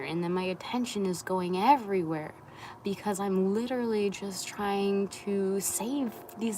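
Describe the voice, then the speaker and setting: A young woman, a spiritual wellness creator, talking candidly on a live stream in a soft, often half-whispered, rambling way. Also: medium pitch, unhurried, a little hiss or hum, rough recording.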